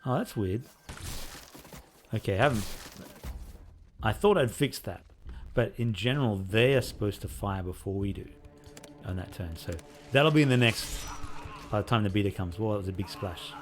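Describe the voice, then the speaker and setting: A man casually talking through a playthrough of the game he is developing, relaxed and rambling with lots of fillers. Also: on the low side, normal speed, pauses often, soft background music. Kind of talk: casual gameplay devlog commentary.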